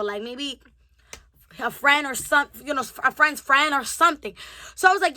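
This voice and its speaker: Brief: a young woman vlogger, high and bright, retelling a tense encounter and acting out every line. Recorded dry, close to the mic. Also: a little fast, no room sound. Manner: animated, acts out both sides of the dialogue with a rising temper. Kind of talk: story time retelling.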